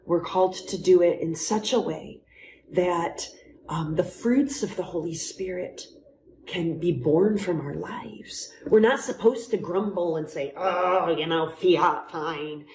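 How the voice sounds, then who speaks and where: Slow, soft-spoken praying woman, roomy sound. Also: fairly low pitch. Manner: soft, prayerful, often breathy and half-whispered. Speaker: host leading prayer. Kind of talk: devotional talk with spoken prayer. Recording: roomy echo with faint background noise.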